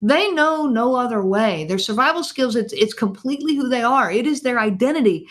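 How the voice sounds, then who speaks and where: A woman's voice: a little high, lively intonation, a little fast. A woman hosting a podcast, talking earnestly and directly to her listeners, asking them questions and often repeating phrases. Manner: direct, emphatic, asks listeners many questions. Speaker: podcast host.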